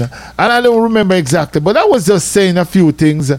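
A middle-aged man with a Jamaican accent, telling stories in a lively, chatty way as a radio host. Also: high voice, brisk. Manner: lively, chatty, full of asides like "I tell you, man". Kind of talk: casual storytelling on radio.

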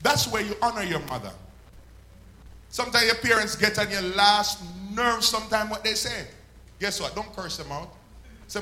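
Male preacher, high bright voice, echoey church, slows way down to stress words. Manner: preaching with sudden swells and slow drawn-out emphasis. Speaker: pastor. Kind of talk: sermon.

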